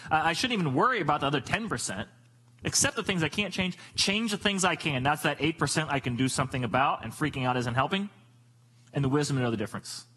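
A middle-aged man preaching a sermon in an animated, joking storytelling manner. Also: husky, low-quality recording. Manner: animated, jokey storytelling with sudden pitch jumps. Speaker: pastor.

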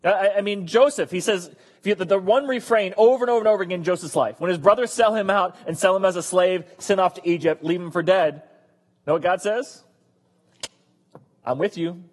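A man's voice: high voice, fast talker, breathy edge, big-room sound. A man preaching a sermon in a conversational, joking way. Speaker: pastor.

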